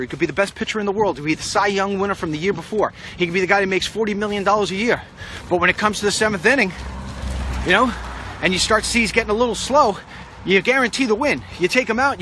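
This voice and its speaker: A man's voice: high voice, bright, forceful tone. A man walking outdoors while giving a blunt, rambling political monologue straight to the camera, with street traffic passing. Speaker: political commentator. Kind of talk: walk-and-talk vlog monologue.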